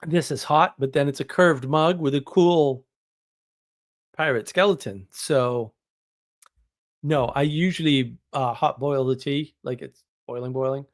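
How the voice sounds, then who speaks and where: A man from New England with a fairly high voice speaks a little slowly while hosting a live stream. He reads the chat and answers viewers, rambling casually and joking in an exaggerated way.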